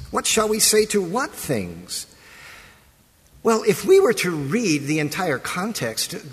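A male pastor giving a sermon in a conversational way, pausing and restarting his phrases. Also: fairly high pitch. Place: church sanctuary. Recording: long church reverb.

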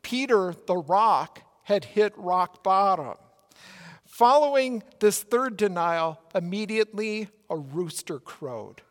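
A male pastor with a Minnesota accent preaching a sermon in a church, earnest and measured, with emphatic rises. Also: sits high, lively intonation. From Minnesota, United States. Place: church sanctuary. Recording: long church reverb.

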